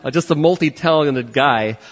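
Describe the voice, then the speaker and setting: A man's voice: a little high, moderate pace, slightly rough. A man hosting at church, giving an upbeat stage introduction of the next speaker. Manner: upbeat, hyping the guest. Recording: echoey hall, dull sound.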